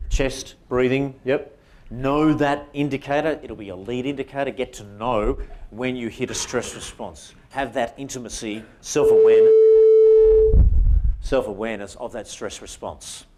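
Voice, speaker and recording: A man's voice: mid-range voice, slight background noise. A man with an Australian accent giving an interactive workshop presentation to a conference audience, often putting questions to the room.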